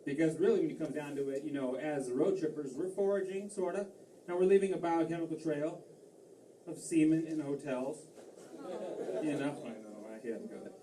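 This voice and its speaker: A man's voice: fairly high pitch, normal speed, background noise. A man doing a stand-up comedy set, rambling and self-deprecating, with lots of fillers and restarts. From Massachusetts. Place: comedy club stage. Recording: roomy club sound from a distance, faint crowd ambience.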